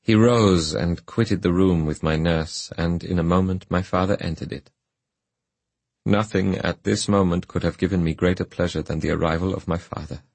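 Deep, husky male audiobook narrator. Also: fairly even intonation, normal speed, a little mellow, no echo. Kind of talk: scripted first-person narration.

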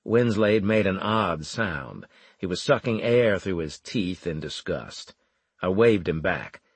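Raspy male narrator, dry close read. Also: low-pitched, expressive, slow pace, dry recording. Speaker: audiobook narrator. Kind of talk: first-person scripted narration.

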